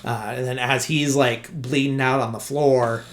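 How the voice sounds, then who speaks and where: A man's voice: mid-range voice, steady tone, unhurried. A man hosting a podcast who casually retells a film scene by scene, with lots of "uh" and "like" and frequent self-corrections. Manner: rambling, heavy filler words like "uh" and "like"; self-correcting, loses his train of thought. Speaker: podcast host. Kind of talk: casual podcast movie recap.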